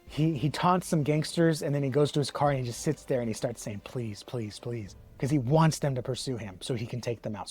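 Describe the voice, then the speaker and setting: A man talks through a comic book review in a relaxed, unscripted way, his voice sitting at an ordinary middle pitch. He stumbles, repeats words and fills pauses with ums. Faint music plays underneath. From Texas. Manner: rambling, many fillers and restarts, chuckles. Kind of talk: casual review monologue.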